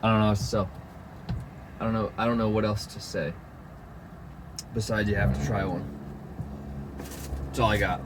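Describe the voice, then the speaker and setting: A man's voice: on the low side, fairly even intonation, moderate pace, pauses often, background noise. A man vlogging in a casual chat, rambling with lots of fillers and the odd swear word.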